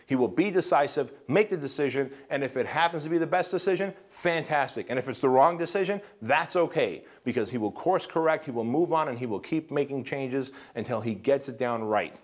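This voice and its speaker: A man coaching entrepreneurs in a punchy, emphatic motivational seminar talk, often checking in with a rhetorical "right?". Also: a little high. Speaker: business coach.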